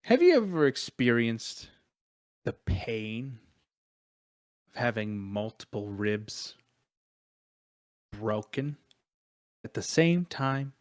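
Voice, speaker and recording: Man doing a vengeful brute, pitched up, loud, swooping, mock-friendly bullying. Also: big pitch swings, measured pace. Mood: loud demanding. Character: aggrieved, vengeful male brute demanding loot.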